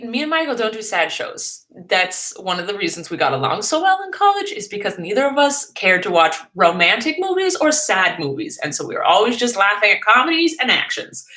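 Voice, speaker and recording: A woman's voice: on the high side, pushed and bright. A young woman vlogger chatting casually and playfully as she answers viewers' questions. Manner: chatty and playful, jokey asides. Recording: echoey room.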